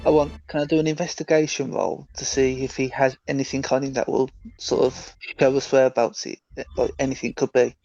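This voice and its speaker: A man's voice: medium pitch, flat delivery, brisk, creaky, hardly any pauses, darkish tone, dry recording, dull audio, faint music behind. A man playing a tabletop game, talking hesitantly with many fillers and restarts. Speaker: player. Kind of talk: casual tabletop play.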